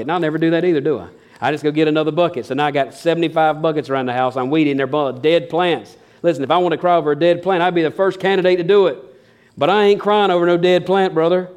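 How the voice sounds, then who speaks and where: A man's voice: medium pitch, darkish tone. A middle-aged man preaching a sermon, folksy and emphatic with homespun asides. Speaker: pastor.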